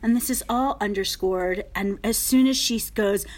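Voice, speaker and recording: A woman's voice: mid-range voice, normal speed. A woman telling a funny backstage story in casual chat, often laughing and acting out what others said. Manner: laughs often, acts out quotes, lots of "like".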